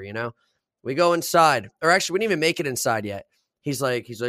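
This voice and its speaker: A man's voice: medium pitch, fast, no echo, studio quality. A man in his twenties, a podcast co-host, telling stories in casual chat with plenty of swearing. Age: 20s. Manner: swears a lot, animated storytelling.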